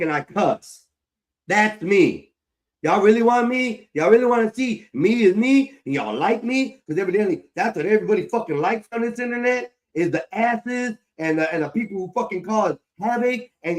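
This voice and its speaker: A man's voice: high voice, lively intonation, normal speed. A man ranting angrily on a livestream, swearing heavily and repeating himself. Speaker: livestream host. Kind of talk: angry livestream rant.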